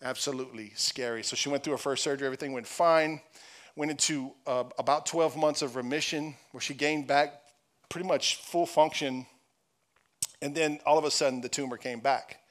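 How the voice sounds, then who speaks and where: Male pastor, middle-aged, sermon; soft storytelling that swells into fervent preaching. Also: medium pitch, steady tone, fairly quick. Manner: personal storytelling that builds to emphatic preaching.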